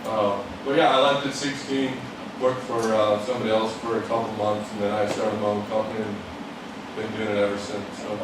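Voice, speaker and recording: A young man in his twenties giving a quiet, halting introduction of himself to a group. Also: flat delivery. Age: 20s. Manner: quiet, halting and low-key. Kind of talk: brief personal introduction. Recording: echoey room, distant mic, room noise.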